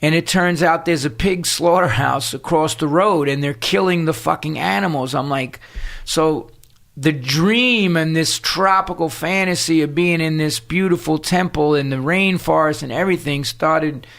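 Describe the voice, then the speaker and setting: A man's voice: a little high, moderate pace, vocal fry. Middle-aged New man, podcast guest, raised voice, blunt and profane storyteller. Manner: profane, animated street-talk storytelling. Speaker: podcast guest, punk singer. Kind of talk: storytelling in casual interview.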